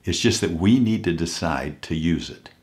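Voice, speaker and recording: A man giving an earnest inspirational talk, telling a story and slowing down to stress key points. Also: sits low, animated, a little mellow. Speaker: motivational speaker.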